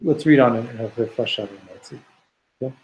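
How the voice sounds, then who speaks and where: Male teacher, mid-pitched, reads Hebrew passages and unpacks them thoughtfully for a class. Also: normal speed, low-quality recording. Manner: thoughtful, reads Hebrew text aloud and explains it; repeats words while working out ideas. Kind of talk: Torah class lecture.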